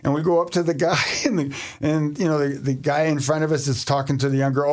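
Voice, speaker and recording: Man, podcast host, from Canada, fairly high voice, animated storyteller, laughs a lot. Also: quick pace, hardly any pauses. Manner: animated, laughs often, acts out quoted voices. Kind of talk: casual storytelling chat.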